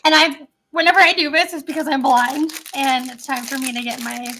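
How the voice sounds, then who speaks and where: A chatty woman with a high, light voice, talking fast and loosely on a home live stream. She rambles and giggles between thoughts, casual and unscripted. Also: steady tone, pushed and bright, a little hiss or hum. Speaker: vlogger.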